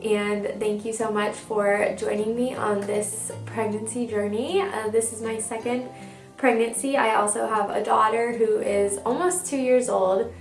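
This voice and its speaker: A woman's voice: fairly high pitch, steady tone, a little slow, faint music behind. A young woman giving a chatty, upbeat pregnancy update, stuffed up from a cold and a little out of breath. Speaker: vlogger. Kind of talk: casual pregnancy update vlog. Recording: echoey room, mic at a distance.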